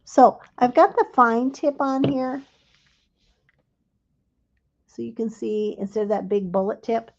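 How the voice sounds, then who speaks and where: A woman hosting a live crafting demonstration and explaining each step gently and without hurry. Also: fairly high pitch, steady tone, measured pace, vocal fry, long pauses, dull audio. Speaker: craft instructor.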